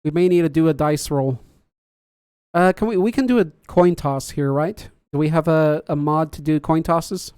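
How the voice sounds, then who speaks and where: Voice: mid-range voice, normal speed, a little mellow, clean tone, no echo, studio quality. Chatty livestream host. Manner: chatty, laughs often, jokes at own slips. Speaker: podcast host reading live chat. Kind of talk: casual livestream chat.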